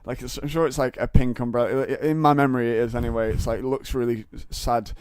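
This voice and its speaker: A man's voice: mid-range voice, steady tone, fast talker, darkish tone, a little hiss or hum. A young man telling a story in casual chat, rambling with stammered restarts. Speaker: comedian guest.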